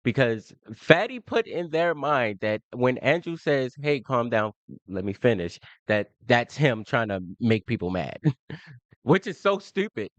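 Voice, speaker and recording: A man's voice: medium pitch, sing-song, unhurried, dry recording, lo-fi sound. A man giving casual reaction commentary on a debate clip, crude and exasperated.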